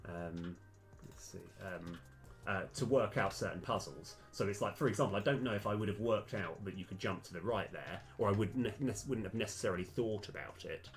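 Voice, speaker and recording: A man live-streaming a game, thinking aloud with lots of fillers and sudden bursts of excitement. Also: lowish voice, fairly quick, soft background music. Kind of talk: live-stream commentary while playing and mapping a game.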